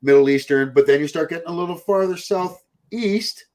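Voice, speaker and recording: A man pitched on the high side, with a darkish tone, speaks at normal speed. As a podcast host he chats casually, rambles, curses, and mimics people mockingly.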